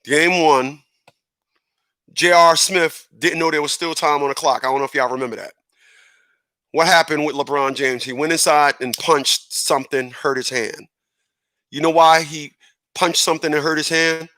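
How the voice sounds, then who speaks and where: A man hosting a casual radio talk show, animated and rambling, correcting himself and chuckling as he goes. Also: on the high side, normal speed, no echo.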